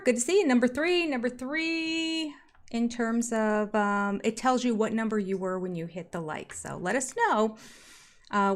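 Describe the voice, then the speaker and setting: A woman's voice: on the high side, a bit bright. A woman in her sixties hosting a casual live stream, reading out viewer comments with little laughs and chatty asides. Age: 60s. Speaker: YouTube host reading live chat.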